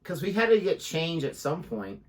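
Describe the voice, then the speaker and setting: A man's voice: on the high side, expressive, normal speed. Laid-back male co-host reacting. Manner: brief reactions, laughs along. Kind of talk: casual chat.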